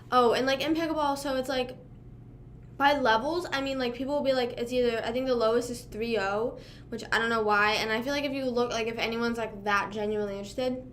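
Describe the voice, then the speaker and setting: A woman's voice: fairly high pitch, a little hiss or hum. A young woman from Pennsylvania chatting casually with live viewers, rambling and self-deprecating, full of fillers. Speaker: livestream host.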